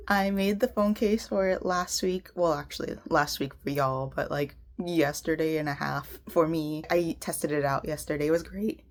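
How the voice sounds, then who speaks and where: Young Southern-accented woman, sewing vlogger, bubbly and rambling, slightly low voice. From American South. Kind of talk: casual vlog chat.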